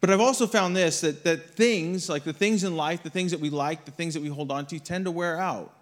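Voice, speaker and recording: A man's voice: on the high side, fairly quick. A young adult man as a guest speaker, giving a conversational sermon built on a personal story and acting out quotes in a church hall.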